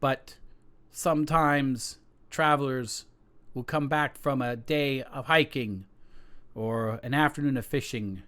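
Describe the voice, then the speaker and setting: A man's voice: mid-range voice, slow pace, a bit bright. A man playing a tabletop game, telling a folk story in character as a dramatic storyteller.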